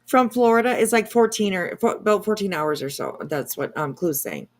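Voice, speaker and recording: A woman hosting a casual livestream, reading viewer comments aloud in a gushing, excitable way. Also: medium pitch, normal speed. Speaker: livestream host.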